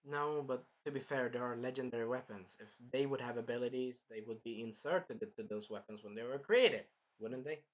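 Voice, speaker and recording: A man casually reviewing an anime episode, animated and swearing freely as he acts out the characters' lines. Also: mid-range voice, fairly quick, dull audio.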